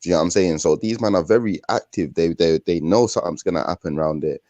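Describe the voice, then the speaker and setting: Man, London accent, young, very deep voice, dry recording, slangy rambling chat. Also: fast, mellow, dry recording, lo-fi sound. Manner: streetwise slang, loose and rambling. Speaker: podcast co-host. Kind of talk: casual chat.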